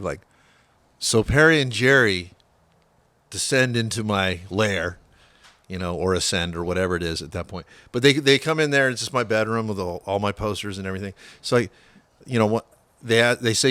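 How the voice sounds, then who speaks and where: A man with a fairly low voice tells a rambling story, heavy on swearing, and he acts out the lines of the people in it. The sound is dry and close, with no room around it. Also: normal speed, fairly bright tone, no echo. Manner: profane, rambling, acts out quoted dialogue. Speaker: guest musician. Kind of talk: casual storytelling interview.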